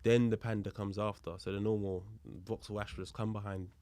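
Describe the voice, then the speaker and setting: A man, a police officer as a guest, telling a story in a casual, animated way, acting out the dialogue and explaining the law as he goes. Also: fairly low pitch, brisk, no room sound.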